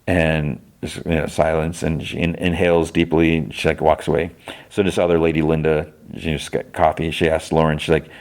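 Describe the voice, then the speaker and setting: A man's voice: very deep voice, flat delivery, a little fast, a little mellow. A male podcast host casually recapping a TV episode, retelling the scenes with lots of "he's like" and briefly acting out lines in a raised voice.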